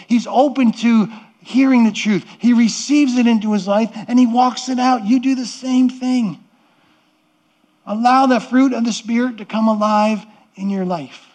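A man's voice: extremely high pitch, fairly even intonation, measured pace, darkish tone. A middle-aged man preaching a sermon as pastor, earnest and conversational, often repeating and restarting words.

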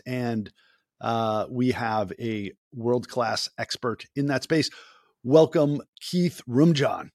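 A man's voice: medium pitch, takes it slowly, a little mellow, dry recording, clean studio sound. A man hosting a podcast interview, introducing his guest with upbeat showmanship before settling into a chattier tone. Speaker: podcast host.

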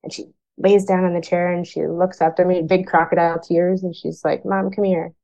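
With a lowish, mellow voice touched by vocal fry, a Canadian woman firefighter gives a candid personal account as a guest. She speaks a little fast in a level tone, plain-spoken and frank, acting out remembered conversations. The sound is lo-fi.

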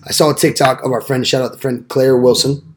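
A man's voice: mid-range voice, little pitch movement, fast talker. A young man hosting a casual podcast, telling goofy, boastful stories. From Mexican heritage. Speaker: podcast host.

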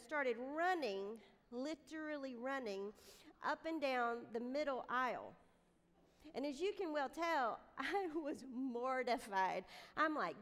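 A middle-aged woman, giving an animated, self-deprecating devotional talk to a room of moms. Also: high voice. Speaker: speaker at a women's gathering. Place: room with a live audience. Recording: long hall reverb.

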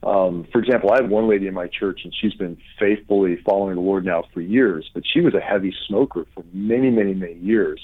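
A man's voice: fast, hardly any pauses, husky. A middle-aged man, a pastor, telling healing stories in an interview and acting out the people he quotes. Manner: animated storyteller, acts out quotes with high pitch jumps. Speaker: pastor and author, guest. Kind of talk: conversational interview, storytelling. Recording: tinny phone-line audio.

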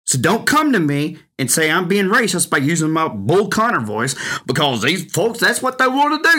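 A man's voice: fairly high pitch, sing-song, normal speed, sharp tone. A male commentator giving an indignant, emphatic opinion monologue with rhetorical flourishes. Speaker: political commentator.

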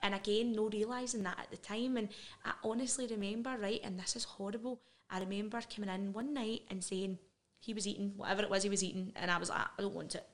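A woman's voice: medium pitch, fairly even intonation. A middle-aged Scottish woman, a podcast guest, talking frankly and earnestly about her past in a candid interview. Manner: earnest, frank, quick asides and laughs.

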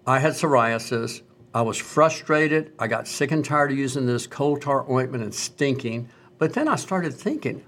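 A man's voice: medium pitch, normal speed. A middle-aged man, a doctor, telling stories in a casual conversation and acting out the voices of the people he quotes. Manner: animated storyteller, acts out quoted voices. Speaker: doctor, co-host.

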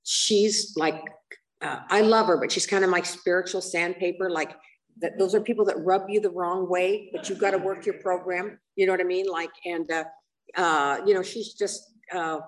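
A woman's voice: on the low side, fairly even intonation, moderate pace. An older woman candidly telling her own story at a recovery meeting, rambling and self-mocking, with many fillers and asides. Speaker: speaker sharing at a recovery meeting. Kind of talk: candid personal testimony. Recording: voice picked up from a distance.

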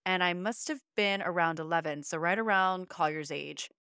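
Woman, podcast co-host, emotional storytelling, clear tone, dry close sound. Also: fairly low pitch, moderate pace, bright, forceful tone, no echo. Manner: earnest, emotional, uses many fillers. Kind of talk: reflective conversational storytelling.

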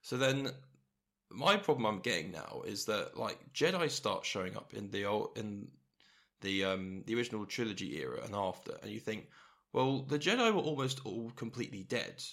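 A man's voice: lowish voice, very animated, normal speed, creaky, a bit bright. A man co-hosting a casual podcast, thinking aloud with hesitant, questioning talk. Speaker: podcast co-host. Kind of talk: casual chat.

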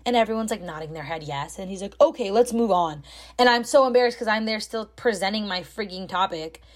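A young woman telling a story in a casual, chatty way, full of fillers and animated when she quotes people. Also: mid-range voice, fast talker. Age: young adult. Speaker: storytime host.

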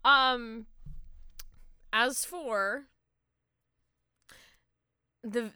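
A young woman co-hosts a casual podcast, laughing often and trailing into restarts. She talks slowly, and her voice is bright and crisp. The sound is dry and close. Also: a little high, expressive, no echo. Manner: giggly, rambling, frequent restarts. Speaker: podcast co-host.

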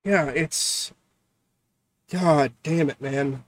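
A man co-hosting a casual podcast chat, excitable and profane, often stumbling and repeating words. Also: fairly high pitch, very slow, no echo. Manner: excitable, swears a lot, stumbles over words. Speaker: podcast co-host.

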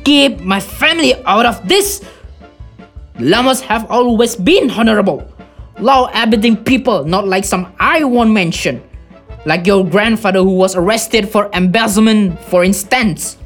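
A man plays a nervous young suitor in a stage comedy who works himself into a state. His voice runs fairly high and swings widely in pitch. Faint music plays behind him. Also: measured pace, heavily acted. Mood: agitated. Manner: agitated, excitable, shouting in a quarrel. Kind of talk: amateur stage play reading.

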